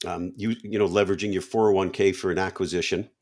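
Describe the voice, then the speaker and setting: A man co-hosting a business talk show, thinking aloud with a rambling, halting manner. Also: deep voice, fairly even intonation, darkish tone. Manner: thoughtful, rambling with fillers. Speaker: co-host. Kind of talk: casual video podcast talk.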